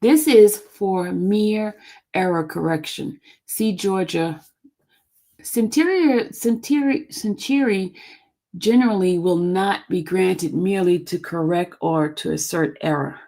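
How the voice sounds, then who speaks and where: Her voice is lowish, creaky, and warm, and she keeps a measured pace while reading a court document to her live stream audience. She stumbles over legal wording and chats loosely between the passages.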